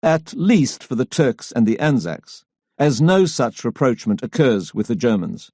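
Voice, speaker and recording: A man's voice: mid-range voice, very animated, moderate pace, a little mellow, no room sound, clean studio sound. Man narrating a history audiobook. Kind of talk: scripted narration.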